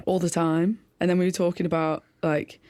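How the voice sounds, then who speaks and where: A woman's voice: fairly low pitch, level tone, brisk, warm tone, dry recording. A woman with a Northern English accent co-hosting a podcast in casual, teasing chat. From Northern England. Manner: chatty, teasing, laughs a lot. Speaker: podcast co-host.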